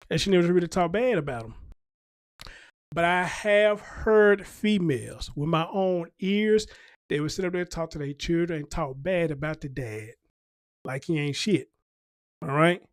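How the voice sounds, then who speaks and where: A man's voice: sits high, no room sound, studio quality. A man hosting a commentary show, ranting casually and emphatically, with a preachy tone and frequent checks for agreement.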